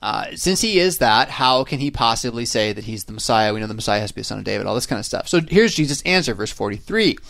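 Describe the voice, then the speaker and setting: A man's voice: medium pitch, animated, fast, vocal fry, few pauses, a bit bright, dry recording, studio quality. A man hosting a podcast, walking through a Bible passage in a casual, conversational way, full of fillers and tag questions like "right?". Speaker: podcast host teaching scripture. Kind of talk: casual Bible study chat.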